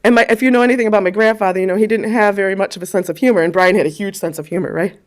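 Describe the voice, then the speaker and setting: A woman's voice: medium pitch, fairly even intonation, rapid-fire. A woman in her forties giving a eulogy, telling personal stories in a chatty way with frequent ums. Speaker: eulogist at a funeral.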